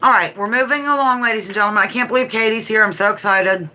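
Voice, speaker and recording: A woman's voice: medium pitch, fast, sharp tone, slight background noise. A middle-aged woman hosting a casual home livestream, chatty, playful and rambling. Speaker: livestream host. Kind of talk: casual live-stream chat.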